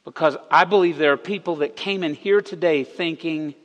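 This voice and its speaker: Animated male pastor in a reverberant hall. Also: a little high, moderate pace. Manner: animated storytelling, rising emphatic on key words. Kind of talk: sermon. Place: church hall.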